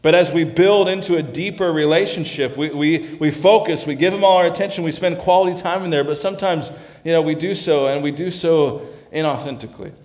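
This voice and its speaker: Earnest pastor preaching in an echoey room. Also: male voice, a little high, brisk, a little mellow. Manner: earnest, repeats and restarts phrases. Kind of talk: sermon. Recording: roomy echo.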